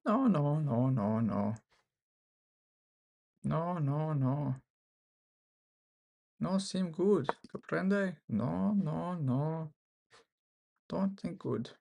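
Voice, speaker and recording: A man putting on a vague foreign accent, clipped broken phrases said high and playful. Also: lively intonation, extremely slow, creaky, long pauses, a little mellow, heavily acted. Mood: teasing. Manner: repeats short words, high and playful.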